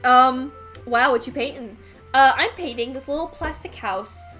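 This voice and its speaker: A young woman with a somewhat high voice, chatting casually on a live stream while she paints. She rambles along, full of "um" and "like" and the odd curse, over faint music in the background. Her delivery stays loose and conversational. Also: measured pace, pushed and bright. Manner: rambling and chatty, with frequent fillers and swearing.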